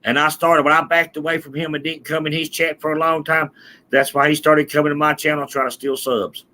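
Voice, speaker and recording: Animated man streamer, slightly high, bright tone. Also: a little fast. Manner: animated, chatty, addresses the audience directly. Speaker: livestreamer addressing viewers. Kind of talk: casual live-stream talk.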